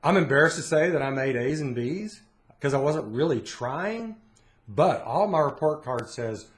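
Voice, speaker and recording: Animated middle-aged man chatting. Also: a little high, normal speed. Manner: animated storyteller, acts out quotes. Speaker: podcast co-host. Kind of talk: casual chat.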